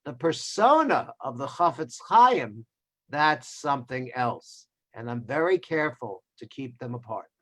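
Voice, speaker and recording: A man's voice: medium pitch, very animated, a little slow, fairly bright tone. A man voicing a humble old rabbi sage who plays himself down with mild understatement. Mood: calm.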